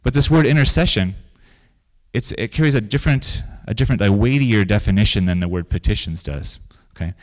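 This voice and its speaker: A man's voice: on the low side, fairly quick. A man preaching a sermon in a conversational way, telling stories and repeating phrases for emphasis. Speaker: pastor.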